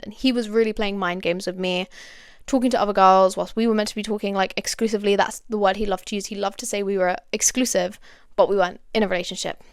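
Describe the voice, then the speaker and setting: A woman's voice: medium pitch, smooth, dry recording, clean studio sound. A young woman hosting a podcast, telling a personal story in a candid, confiding way with many fillers and asides to her listeners. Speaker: podcast host.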